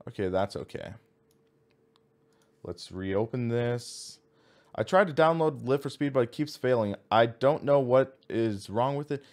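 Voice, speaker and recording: A man's voice: medium pitch, a little slow, darkish tone. A man streaming a racing sim, thinking aloud as he reads out menu items and chats with viewers. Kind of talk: casual live-stream commentary.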